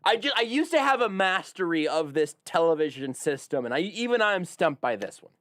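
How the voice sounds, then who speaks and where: A man's voice: a little high, very animated, a little fast, fairly bright tone, no room sound, clean studio sound. A man hosting a sports radio show, joking in casual banter with mock exasperation. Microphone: studio microphone.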